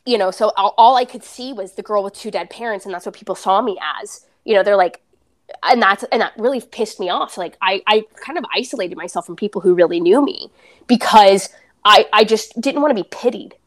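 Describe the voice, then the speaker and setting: A woman's voice: mid-range voice, brisk. A young adult woman, a podcast guest, candidly retelling a personal story and acting out the dialogue.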